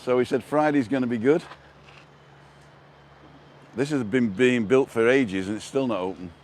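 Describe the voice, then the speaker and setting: A man's voice: medium pitch, normal speed, darkish tone, a little hiss or hum. Chatty man vlogging outdoors on lapel mic. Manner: chatty, reads viewer comments aloud. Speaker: vlogger host. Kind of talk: casual walking vlog chat. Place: outdoors on a seafront promenade. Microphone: wireless lapel mic.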